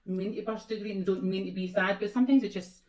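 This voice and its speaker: A woman's voice: medium pitch, steady tone, fairly quick, crowd noise. A Scottish woman chatting casually while doing makeup, teasing and laughing often as a vlog co-host. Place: beauty salon, indoors. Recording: echoey room, mic at a distance.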